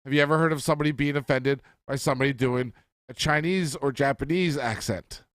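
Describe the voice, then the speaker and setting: On a dry recording, a man with a mid-range voice co-hosts a podcast in casual chat. He argues his points in rapid rants, swearing as he goes.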